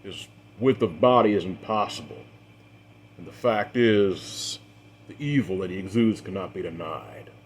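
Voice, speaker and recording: A man acting as game master, narrating a tabletop role-play story in a measured, dramatic way with the odd filler. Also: deep voice, animated, a little hiss or hum.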